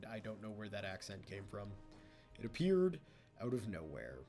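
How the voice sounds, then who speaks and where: A man's voice: fairly low pitch, huge pitch swings, moderate pace, mellow, soft background music. A man giving casual gameplay commentary as a let's play host, chatty and teasing the computer opponents.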